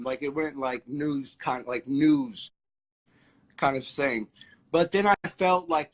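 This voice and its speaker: A man's voice: fairly high pitch, rough recording. A man hosting a livestream, chatting casually about spiritual ideas with many fillers and restarts. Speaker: livestream host.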